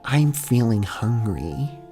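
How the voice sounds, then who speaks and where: A man's voice: medium pitch, very animated, slow pace, dark tone, faint music behind, pitched above the performer's own voice. A man voicing a timid young vampire pony mare who hesitates and hums "um" between her words. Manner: hesitant, full of ums.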